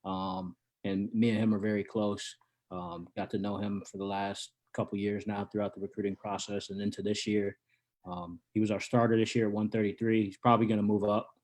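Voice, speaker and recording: A man with a lowish voice talks about recruiting in a casual interview. He is laid-back and searches for words, restarting phrases often as he goes. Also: flat delivery, brisk, a little mellow. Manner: laid-back, many ums and repeated starts. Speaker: college wrestling coach and recruiter.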